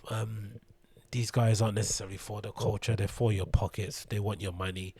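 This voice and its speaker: A man's voice: on the low side, level tone, fairly quick, mellow, slightly rough. A man hosting his own show, rambling through a profane, scornful commentary. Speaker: show host. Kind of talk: solo commentary rant.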